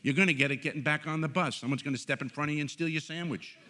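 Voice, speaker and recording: Animated, joking man giving a faith talk. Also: fairly high pitch, very fast, a little hiss or hum. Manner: animated, joking, earnest storyteller. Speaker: conference speaker. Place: conference hall stage.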